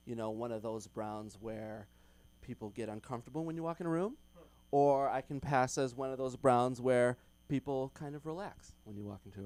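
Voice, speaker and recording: A man's voice: medium pitch, a little mellow. A young man doing open mic stand-up in a comedy club, chatty with lots of ums and little laughs.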